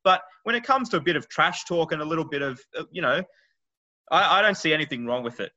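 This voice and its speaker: A man's voice: fairly high pitch, expressive, quick pace, bright, forceful tone. An Australian man co-hosting a podcast, talking emphatically and with strong opinions. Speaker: podcast co-host. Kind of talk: casual panel chat. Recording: muffled lo-fi audio.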